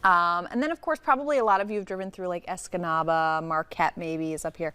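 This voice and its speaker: A woman in her thirties from the Upper Peninsula of Michigan, co-hosting a TV show in casual studio chat, chatty and quick to laugh. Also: lowish voice, bright, forceful tone, clean tone. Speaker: TV show co-host.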